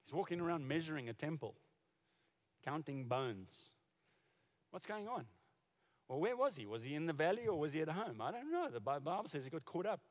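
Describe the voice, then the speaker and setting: A man's voice: a little high, very animated, fairly quick, long pauses. Storytelling male pastor in a reverberant hall. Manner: storytelling, conversational with restarts. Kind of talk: sermon.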